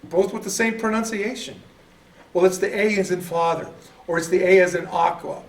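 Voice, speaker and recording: A man's voice: high voice, steady tone, moderate pace. A man teaching a casual church class, chatty and self-deprecating, often laughing at himself. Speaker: Bible study teacher. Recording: echoey room, mic at a distance.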